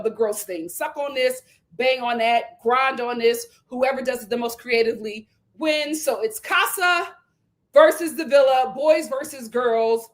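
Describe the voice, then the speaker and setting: A young woman with a high, bright-pitched voice hosts a live reality show recap. She talks in an animated, sassy way, full of slang, and keeps slipping into mocking the people she talks about. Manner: animated, sassy and slangy, jumps into mimicking the cast. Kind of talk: live casual recap commentary.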